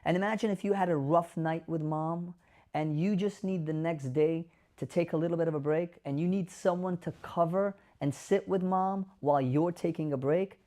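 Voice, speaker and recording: A man's voice: a little high, moderate pace, dark tone. A man hosting a caregiver advice show as a doctor, speaking straight to camera in an emphatic way and sometimes acting out sample dialogue. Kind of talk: direct-to-camera explainer.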